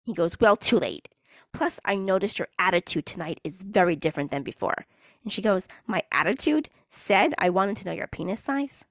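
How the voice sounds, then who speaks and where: Female podcast host, mid-pitch, dry close sound, sarcastic and laughing storyteller. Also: animated, normal speed, a bit bright, dry recording. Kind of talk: casual chat.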